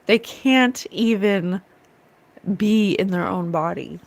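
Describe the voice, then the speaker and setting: A woman hosting a psychic talk show, ranting with scorn in a loose, animated way and often mocking others in sing-song voices. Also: medium pitch, slow pace, creaky. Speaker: psychic livestream host. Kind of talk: casual spiritual rant.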